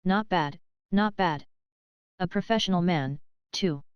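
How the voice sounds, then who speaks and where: A woman reading the part of a pompous, boastful middle-aged male attorney who rambles and clears his throat. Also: on the low side, unhurried, dry recording, highs cut off, close to an everyday voice.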